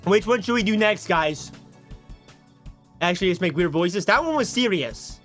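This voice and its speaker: A man's voice: high voice, expressive, moderate pace, a bit bright, faint music behind. A man livestreaming in casual chat, talking to his viewers in a self-mocking way from his home setup into a desk microphone. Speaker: streamer.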